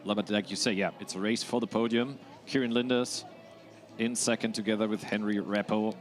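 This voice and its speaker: Lower-voiced male race co-commentator. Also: fairly even intonation, moderate pace, faint music behind. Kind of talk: live sports commentary.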